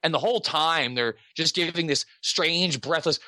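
A man hosting a podcast in casual chat, excitable and joking, with quick asides. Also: fairly high pitch, no room sound, clean studio sound. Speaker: podcast host.

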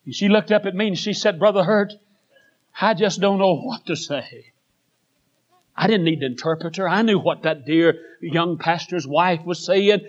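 A preacher, a man in his later years, delivering a sermon with dramatic storytelling that swings between loud passages and hushed ones. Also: sits high, normal speed. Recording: dull lo-fi recording.

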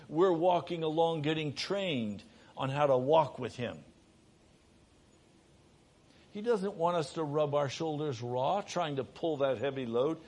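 A middle-aged male preacher with a husky, somewhat high voice. He preaches at an unhurried pace. His delivery swings between raised, urgent appeals and quiet, hushed stretches. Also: expressive. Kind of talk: sermon.

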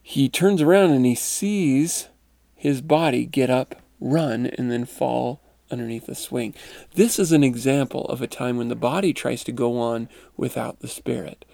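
Male host and reader, calm and measured, with a gravelly, dark tone and a dry close-mic sound. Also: medium pitch, dry recording. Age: adult parent. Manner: calm, measured reading; chuckling, conversational commentary. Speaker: narrator and podcast host. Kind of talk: reading a first-person account aloud, then commenting.

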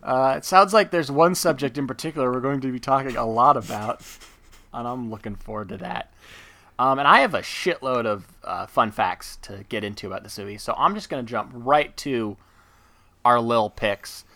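Male podcast host, enthusiastic rambler, bright tone, dry close sound. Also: mid-range voice, moderate pace, no echo. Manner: rambling, enthusiastic, full of fillers and asides. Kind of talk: casual chat.

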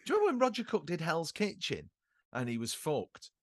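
A middle-aged man co-hosting a casual chat, rambling through anecdotes with swearing and quick impressions. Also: fairly high pitch, wildly swooping pitch, no echo, clean studio sound. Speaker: podcast co-host.

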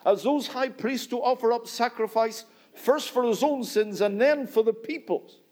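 A man's voice: sits high, normal speed, darkish tone. A middle-aged man from Northern Ireland, with a Northern Irish accent, preaching an evening church sermon in a rising and falling cadence and often saying "my friend". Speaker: visiting preacher.

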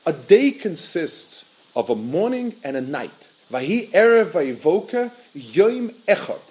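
A man delivers a Torah lecture in a fairly high, very animated voice. He stumbles over repeated words as he builds his point, then chants Hebrew verses and translates them. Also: rough recording. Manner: halting, repeats words while searching for phrasing. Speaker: rabbi.

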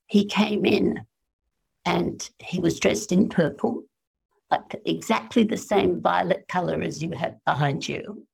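Slow gravelly Australian woman. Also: fairly low pitch, a little mellow. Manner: slow, musing storyteller acting out quoted voices. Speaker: interview guest. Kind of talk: spiritual interview chat.

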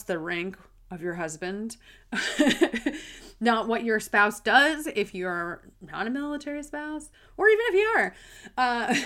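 A woman's voice: mid-range voice, a bit bright. A candid woman in her thirties hosts a casual solo podcast in a light drawl. She talks bluntly, swears freely and laughs easily between points. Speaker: podcast host.

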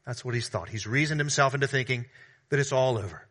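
In a mid-range voice and at a fast clip, a pastor works through a sermon, reading from scripture before expounding with earnest intensity. He gets louder as he repeats phrases and softens on asides.

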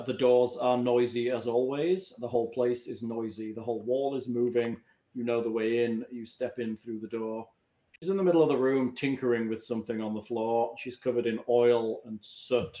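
A man's voice: mid-range voice, fairly even intonation, moderate pace, dark tone, echoey room. A man narrating a tabletop game as game master and joking with the players.

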